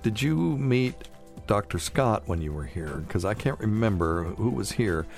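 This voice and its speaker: A man's voice: lowish voice, animated, unhurried, vocal fry, a little mellow, soft background music. A man hosting a casual live-stream podcast, chatting loosely and joking with chuckles. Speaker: podcast host.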